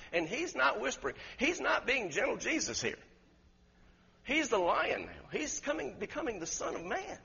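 A man preaching a sermon, emphatic and questioning the congregation, rising to loud peaks. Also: high-pitched, very animated, normal speed, gravelly, breathy edge. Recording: lo-fi recording with long hall reverb.

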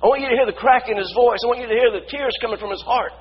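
A male pastor preaching a sermon, building from quiet storytelling to shouted praise. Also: very high voice, racing, lo-fi sound, slight background noise.

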